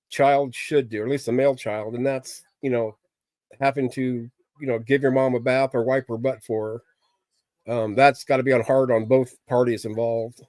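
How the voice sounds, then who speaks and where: A man's voice: medium pitch, darkish tone, no echo. A middle-aged man hosting a casual livestream, talking candidly with viewers in a rambling, plain-spoken way. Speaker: livestream host chatting with viewers.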